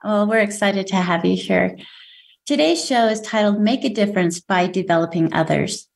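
An upbeat woman hosts a podcast in a casual, enthusiastic tone. She chats warmly with her guest. Her voice has a middle pitch. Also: normal speed, creaky. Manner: bubbly, enthusiastic, leads breathing exercises. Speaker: podcast host. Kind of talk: casual chat.

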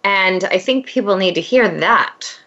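A woman hosting a casual interview, chatty and quick to laugh. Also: mid-range voice, bright, forceful tone. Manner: chatty, with frequent laughs and fillers. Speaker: host. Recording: dull lo-fi sound.

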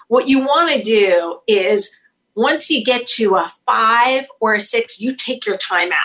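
Podcast guest therapist, woman, lively and clear, bright-toned. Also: on the high side, low-quality recording. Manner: energetic, explains with acted-out example dialogue. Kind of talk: podcast interview.

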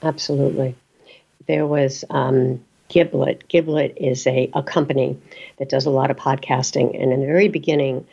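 Chatty woman host, husky, lo-fi. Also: extremely low pitch, darkish tone. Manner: chatty storyteller. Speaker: podcast host. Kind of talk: interview talk. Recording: dull lo-fi sound.

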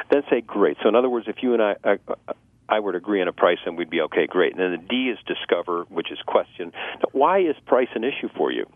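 A male sales trainer on a radio show giving sales tips in a lively way, acting out customer dialogue and laughing at his own jokes. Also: low voice, fast, no echo. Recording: tinny phone-line radio audio, dry.

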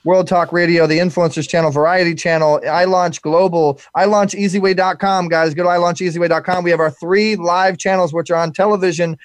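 Guy hosting a live radio talk show, high voice, rattles off shout-outs super quick, dry sound. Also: no room sound. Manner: fast, energetic, repeats words often.

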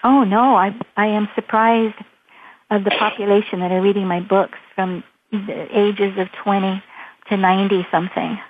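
A woman author being interviewed, telling lively, fast anecdotes. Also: mid-range voice, a little hiss or hum. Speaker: author and guest. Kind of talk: storytelling in an interview. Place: Hawaii. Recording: tinny phone line.

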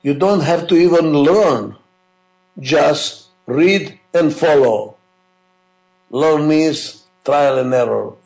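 Gravelly man lecturing emphatically. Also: a little high, slow, a little mellow, roomy sound, poor audio. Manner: emphatic, repetitive, asks rhetorical questions. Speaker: management lecturer. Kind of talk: classroom lecture.

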